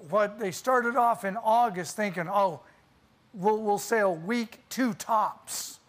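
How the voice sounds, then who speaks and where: Brief: unhurried preacher, church sermon, draws listeners in with dramatic pauses, reads scripture. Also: medium pitch.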